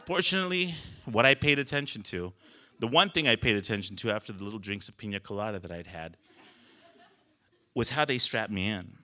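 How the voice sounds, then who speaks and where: Man, live storyteller, lively swinging pitch, very bright tense tone, laughing, casual swearing. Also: moderate pace. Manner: animated, laughing, profane. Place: small live storytelling stage.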